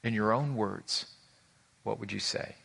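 A man in his forties, a pastor, preaching a conversational sermon and acting out the people in his stories, moving from loud to hushed. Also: on the low side, unhurried, gravelly, slight background noise. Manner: acts out quoted voices in his stories.

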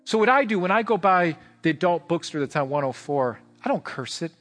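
A man preaches from the pulpit with a high voice that leaps and plunges. He hammers his points with repeated phrases, then drops to a near hush. Long reverb from the hall surrounds him, with faint instrumental music underneath. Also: expressive, a little fast. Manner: emphatic preaching, swinging between fervent and hushed. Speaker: pastor. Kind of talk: sermon. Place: church sanctuary.

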